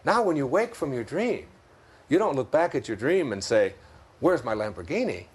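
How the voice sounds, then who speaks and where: A man with a Detroit accent, an interview guest reflecting on spiritual ideas, telling stories, chuckling often and slowing down for key points. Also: fairly high pitch, sing-song, husky.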